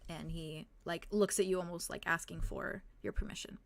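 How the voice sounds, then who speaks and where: Low, gravelly woman game master. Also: steady tone, moderate pace, no echo. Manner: hesitant, lots of "um" and "like". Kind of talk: narrating a tabletop game.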